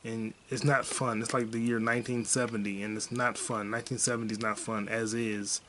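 A man's voice: on the low side, little pitch movement, fairly quick, fairly bright tone, slight background noise. Rambling young man reviewing a movie. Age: young adult. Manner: rambling, profane, laid-back. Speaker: podcast host. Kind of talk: casual movie review chat.

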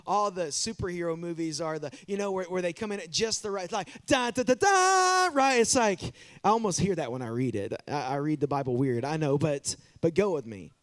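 A male pastor preaching a sermon in a church, animated and direct with the congregation, often repeating words as he builds a point. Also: on the high side, fairly quick.

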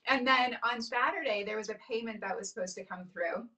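Woman host in her thirties, fairly high voice, effusive and emotional, a little distant from the mic. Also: fairly quick, sharp tone. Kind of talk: casual chat.

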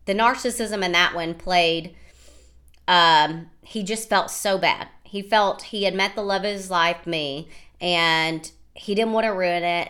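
A woman in her thirties from the United States, hosting a podcast and telling a personal story in an animated, rambling way, often quoting what others said. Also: fairly low pitch. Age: 30s. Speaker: podcast host. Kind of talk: casual storytelling monologue.

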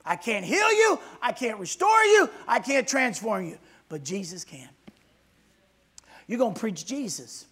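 A male pastor preaching a sermon in a strikingly high voice. His tone is husky and a little breathy. He drives his points home with emphasis and calls for responses from the people in front of him. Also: big pitch swings, measured pace, fairly bright tone.

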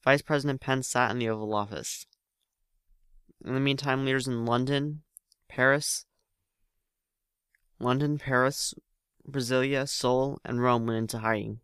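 A man's voice: medium pitch, steady tone, a little slow, pauses often, a bit bright, clean tone, no echo, clean studio sound. A man narrating a story aloud in a plain reading voice, with frequent slips and restarts.

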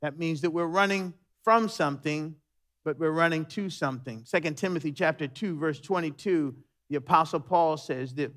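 A male pastor preaching a sermon, animated and full of storytelling. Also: fairly high pitch.

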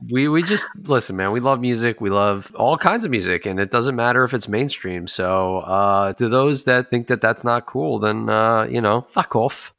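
A man's voice: medium pitch, normal speed, hardly any pauses, fairly bright tone. A man hosting a podcast, talking loosely and casually with frequent swearing. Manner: loose and profane, laughing easily. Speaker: podcast host. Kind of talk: casual conversation.

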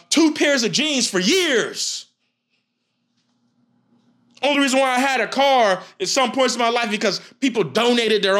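A man's voice: very high voice, sharp tone. A man giving a passionate motivational talk straight to his viewers, gritty and emphatic. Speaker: motivational speaker.

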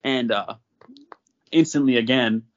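Brief: young man, casual storyteller, mid-pitched, laughing often, muffled lo-fi audio. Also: measured pace. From North Dakota. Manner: animated, laughs often while telling. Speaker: podcast guest.

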